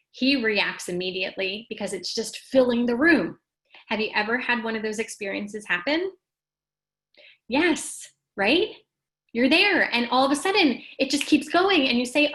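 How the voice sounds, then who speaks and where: A woman hosting a casual motivational talk, speaking straight to her viewers in an animated, emphatic way and reading out their comments. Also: normal speed, poor audio. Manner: animated and emphatic, rising high when making a point; talks straight to the audience and reads out their comments. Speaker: host of a live wellness talk.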